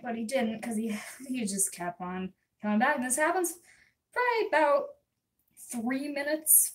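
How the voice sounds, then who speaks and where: A young adult woman livestreamer telling a story to her chat in a rambling, chatty way, full of quick asides. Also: high voice. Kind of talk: casual storytelling to live chat. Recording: voice a bit distant from the mic.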